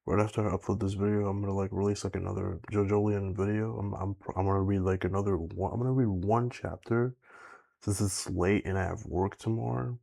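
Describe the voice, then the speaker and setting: A young man talks loosely to his viewers, piling on filler words and curses as he rambles. His voice sits low and gravelly, with a dark, mellow tone. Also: flat delivery, fairly quick. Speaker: YouTuber. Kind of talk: casual rambling vlog chat.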